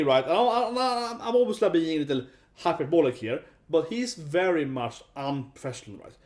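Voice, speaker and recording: A man's voice: a little high, lively intonation, normal speed, a little mellow. A man giving a casual, rambling commentary vlog, often tagging sentences with 'right?'. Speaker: YouTube commentator.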